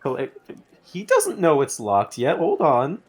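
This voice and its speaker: Male player, middle pitch, narrates his moves and self-corrects. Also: huge pitch swings, a little slow. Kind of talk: casual tabletop role-play.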